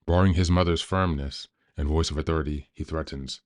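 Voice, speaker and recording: Very deep-voiced man reading aloud. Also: steady tone, brisk, darkish tone. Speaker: podcast host.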